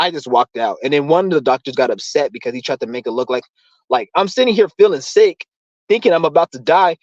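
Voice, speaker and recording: Fairly high in pitch and quick, a young streamer vents on his channel in a heated, profane, rambling rant. The recording is dry and lo-fi.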